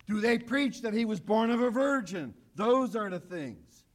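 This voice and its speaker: High-voiced preaching man. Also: animated, a little slow. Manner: emphatic, repeats key phrases, drops often to a hushed low voice. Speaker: pastor. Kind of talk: sermon.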